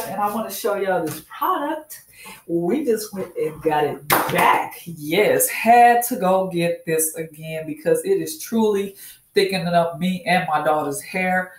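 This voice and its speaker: A woman chatting casually through a hair care tutorial, repeating herself and calling her viewers y'all. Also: on the low side. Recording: echoey room.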